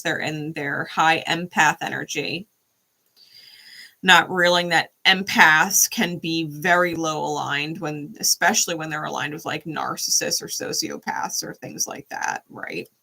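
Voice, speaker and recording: Brief: woman channel host reading tarot, loose and profane, bright, forceful voice. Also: low-pitched, creaky, poor audio. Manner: blunt, profane, animated. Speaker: tarot reader.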